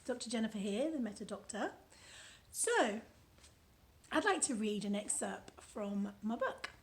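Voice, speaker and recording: A British woman from the United Kingdom, speaking British English, casually reads from her own book and adds commentary in a chatty, playful way. Her voice sits at medium pitch with big swings in pitch, and she talks a little slowly.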